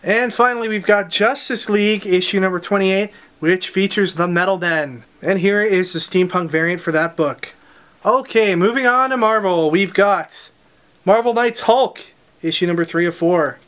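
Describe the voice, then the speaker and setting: Man, comic shop host, brisk upbeat rundown, sharp tone. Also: sits high. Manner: brisk, upbeat listing with dry asides. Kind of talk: unboxing product rundown. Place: comic book store.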